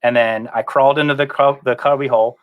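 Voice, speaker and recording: An easygoing man talking as a podcast guest. He lays out how he made his photograph step by step, in plain, relaxed chat. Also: medium pitch, quick pace, clear, resonant tone, narrow, tinny audio. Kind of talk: casual chat.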